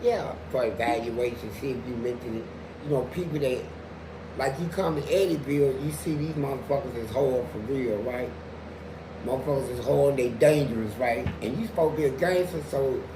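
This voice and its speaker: A man guesting on a podcast, telling profane prison stories in an animated way and jumping into loud acted-out quotes. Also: medium pitch. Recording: echoey room with background noise.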